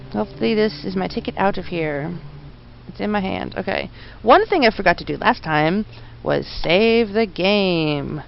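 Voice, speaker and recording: Woman game streamer, gravelly low-key commentary; muffled mic, faint hiss. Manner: reads game text aloud, mutters, then bursts into laughing outbursts. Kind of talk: casual let's-play commentary.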